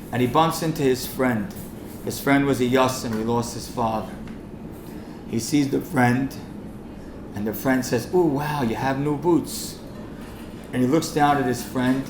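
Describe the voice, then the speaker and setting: A rabbi telling a story and then pleading passionately with the room at a fundraising event. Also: male voice, mid-range voice. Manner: impassioned, rising to urgent pleading. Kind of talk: storytelling speech and charity appeal. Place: event hall. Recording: echoey hall with faint noise.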